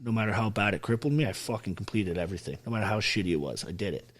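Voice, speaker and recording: A man's voice: lowish voice, animated, rapid-fire. A man from Ontario, an army veteran telling his story as a podcast guest, blunt and emphatic with constant swearing. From Ontario, Canada. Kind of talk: casual interview storytelling.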